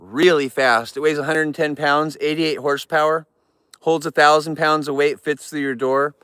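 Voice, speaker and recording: Man, middle-aged, outdoor live stream, casual chat, slightly high voice, dry close sound. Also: steady tone, normal speed, fairly bright tone, clear, resonant tone, no room sound. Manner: chatty, repeats himself for emphasis. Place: outdoors near a barn.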